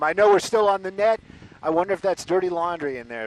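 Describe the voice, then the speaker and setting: A man from the Los Angeles area, a news anchor giving chatty live commentary on a police chase, exclaiming and filling pauses with "uh". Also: high-pitched, expressive, low-quality recording. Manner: chatty, exclaiming, lots of fillers.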